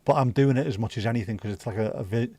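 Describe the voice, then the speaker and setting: A man's voice: mid-range voice, fast, dark tone, husky, no echo. A man with a Scouse accent from Liverpool, hosting a casual livestream chat and rambling along with the odd swear word. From Liverpool, England. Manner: chatty, rambling, swears freely. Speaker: livestream host.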